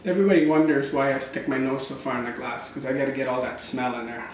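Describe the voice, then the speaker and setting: A man's voice: medium pitch, fairly even intonation, fast, far from the mic, a little hiss or hum. A middle-aged man, chatting casually through a home wine review and drifting into anecdotes. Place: room at home, filmed by his wife. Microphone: camera mic from a distance. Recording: very echoey room, voice from off-mic.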